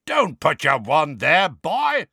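A grizzled old wizard, as a man puts him on growls out blunt, barking warnings in a low, gravelly voice. He is suspicious and irritable, with a pitch that rises and falls sharply. The sound is dry and close, as in a storybook reading. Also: animated, normal speed, bright, forceful tone, no echo, exaggerated voice. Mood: gruff.

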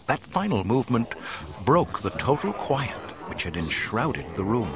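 A man narrating an adventure story aloud in an expressive, dramatic reading style. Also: medium pitch, unhurried, background noise. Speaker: audiobook narrator. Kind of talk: scripted narration.

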